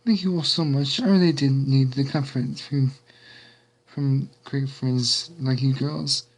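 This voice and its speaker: A man's voice: mid-range voice, steady tone, measured pace, a little mellow, low-quality recording. A man voicing a prim, dramatic female pony with showy, refined manners. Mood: grateful.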